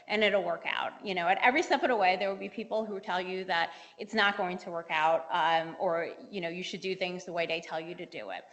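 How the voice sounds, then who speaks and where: Bright-voiced woman giving a keynote talk. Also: mid-range voice. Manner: lively storytelling with fillers and laughs, acts out quoted dialogue. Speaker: keynote speaker, engineering professor. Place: lecture hall. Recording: long reverb of a lecture hall.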